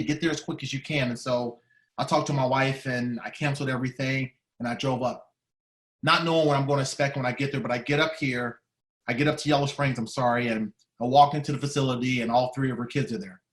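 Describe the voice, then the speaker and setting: A man's voice: mid-range voice, fast. Heartfelt man telling a story in an echoey hall. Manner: heartfelt, dramatic, acts out dialogue, swings between loud and hushed. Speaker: speaker at a staff training day. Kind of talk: emotional personal storytelling speech.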